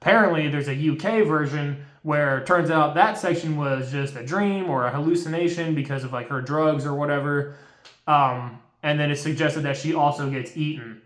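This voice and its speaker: A man's voice: fairly high pitch, moderate pace, a bit bright. A young man recapping a horror movie in a casual, profane, exasperated rant full of slang. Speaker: movie reviewer. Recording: roomy echo.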